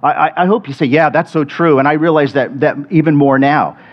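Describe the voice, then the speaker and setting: Man, pastor, sermon, middle-aged, slightly high voice, halting repeated words, muffled recording. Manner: conversational preaching with frequent restarts and repeated words.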